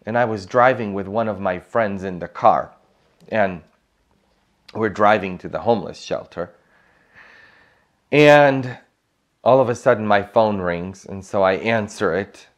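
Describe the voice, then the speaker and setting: A man's voice: on the low side, measured pace, long pauses. A man preaching a sermon as a priest, telling stories with emphasis and humor. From Poland.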